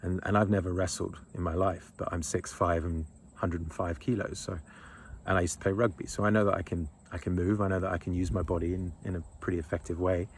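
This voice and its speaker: A man's voice: low-pitched, flat delivery, fast talker, a little hiss or hum. A man in his thirties talking in a blunt, rambling monologue, swearing freely and chuckling between thoughts. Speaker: men's retreat leader. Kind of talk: casual monologue.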